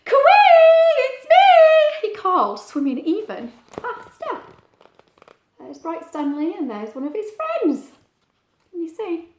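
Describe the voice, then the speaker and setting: A woman's voice: high-pitched, very animated, normal speed, roomy sound, a little hiss or hum. A woman, a teacher, reading a picture book aloud at home for children, chatty and asking them questions. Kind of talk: storybook read-aloud.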